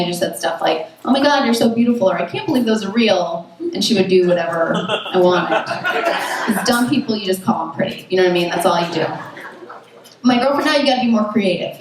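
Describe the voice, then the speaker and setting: A young woman performing a stand-up comedy set, chatty and self-mocking, full of "like" and "you know what I mean". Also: medium pitch. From United States. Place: comedy club stage at a festival. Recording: very echoey distant room recording with noise. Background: audience laughter.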